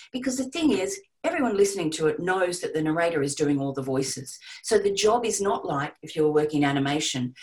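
A woman giving casual, animated advice on audiobook narration to a group. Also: on the low side, rough recording. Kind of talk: casual teaching talk to a group.

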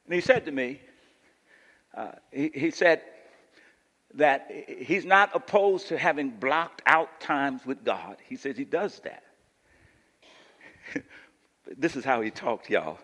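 A man preaching a sermon as pastor, animated and sometimes rising to near shouts. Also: a little high, measured pace, long pauses. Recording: long church-hall reverb.

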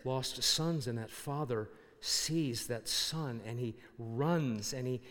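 A man's voice: medium pitch, takes it slowly, fairly bright tone. A middle-aged man preaching a sermon, emphatic and fond of rhetorical questions. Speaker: pastor. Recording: long hall reverb.

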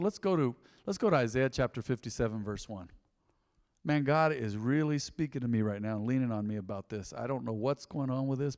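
Middle-aged pastor guy preaching, bold and fired up, swings from hushed to loud, big church echo trailing off. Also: mid-range voice. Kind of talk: sermon. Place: church sanctuary. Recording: long hall reverb.

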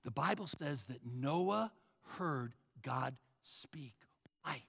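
Male pastor, sermon delivery: high bright gravelly voice, loud-to-whisper dynamics, long reverb of a church hall. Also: animated, takes it slowly. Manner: preaching with dramatic swings from loud calls to hushed near-whispers.

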